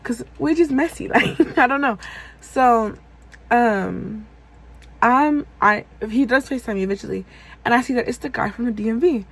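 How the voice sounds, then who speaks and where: A woman's voice: a little high, normal speed, gravelly, a little hiss or hum, rough recording. A young woman in her twenties telling a casual storytime, animatedly acting out both sides of a conversation. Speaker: vlogger.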